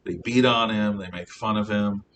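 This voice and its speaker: A man's voice: fairly low pitch, fairly even intonation, moderate pace, fairly bright tone, recorded from a distance, slight background noise. A man teaching a Bible class, telling stories in an emphatic, conversational way with rhetorical questions.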